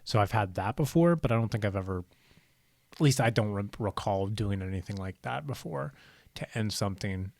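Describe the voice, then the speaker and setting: A man's voice: lowish voice, normal speed, gravelly, no echo. A young man from Ohio with an American accent, co-hosting a podcast and telling a casual story, swearing freely and acting out what people said. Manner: animated, swears freely, acts out quotes. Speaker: podcast co-host.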